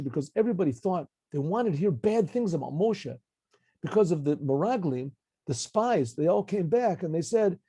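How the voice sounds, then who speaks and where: Man, rabbi, Torah lesson, Hebrew phrases, fairly high voice, mellow tone. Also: lively intonation, normal speed, slightly rough, dry recording. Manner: mixes Hebrew phrases, acts out quotes, frequent restarts. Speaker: rabbi teaching a Torah class. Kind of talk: lecture with commentary.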